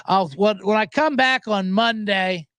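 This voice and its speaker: A man's voice: high-pitched, unhurried, fairly bright tone, clean tone, no room sound. A man hosting a sports betting podcast, ranting in a casual monologue, swearing and acting out voices as he quotes people.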